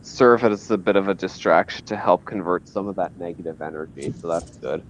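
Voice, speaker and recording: A man hosting his live stream, chatting casually with dry deadpan remarks. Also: deep voice, fairly quick, highs cut off, a little hiss or hum. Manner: dry, deadpan one-liners. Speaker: streamer, host.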